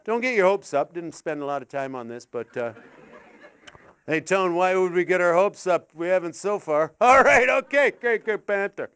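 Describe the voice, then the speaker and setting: A middle-aged man performing a rambling stand-up set, excitable and sweary, with sudden yelps. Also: high-pitched, moderate pace, clear, resonant tone. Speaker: stand-up comedian.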